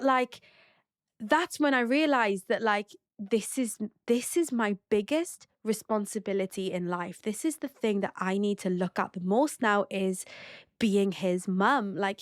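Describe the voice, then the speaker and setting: A woman's voice: medium pitch, no echo, clean studio sound. A woman hosting a podcast as a mother, sharing a personal story in a casual, heartfelt way with lots of fillers. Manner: chatty and heartfelt, with many fillers. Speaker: podcast host.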